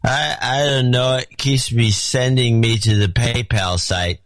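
A man's voice: medium pitch, fairly even intonation, a little slow, fairly bright tone, no room sound, close to an everyday voice. Man voicing a tipsy, rambling male donor: slurred, hesitant, dry close sound.

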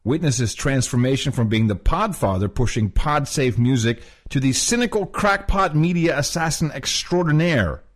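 A man of middling pitch banters on a podcast, stopping and restarting, teasing his co-host, laughing easily. His talk is loose and unpolished. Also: expressive, moderate pace, few pauses. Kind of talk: casual chat.

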